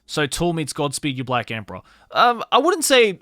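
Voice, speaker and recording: A man's voice: mid-range voice, huge pitch swings, measured pace, sharp tone, no room sound, studio quality. A young man streaming casually, rambling about music with lots of fillers and casual swearing. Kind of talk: casual livestream chat.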